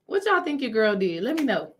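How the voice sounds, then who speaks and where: Animated woman telling a story to her chat. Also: on the high side, a little fast, a little hiss or hum. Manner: animated, repeats phrases, talks to viewers directly. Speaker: spiritual healing coach.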